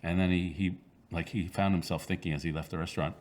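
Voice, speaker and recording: A man in his sixties with an extremely low, rumbling voice speaks in an interview. He answers thoughtfully, pausing and restarting his sentences as he works through his ideas. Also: fairly even intonation, a little mellow. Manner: thoughtful, halting, with frequent fillers and restarts. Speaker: author being interviewed.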